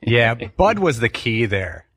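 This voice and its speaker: A male co-host on a sports talk show who chimes in with dry, wry questions. His voice is somewhat husky and his pitch moves a lot. The sound is dry. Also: sing-song, takes it slowly, a bit bright, no room sound.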